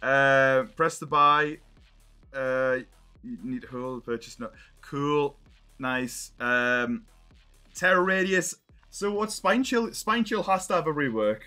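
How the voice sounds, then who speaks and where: A man's voice: mid-range voice, slow, bright, forceful tone, clean tone, soft background music. A young man reacting on a live stream, exasperated and swearing as he thinks aloud.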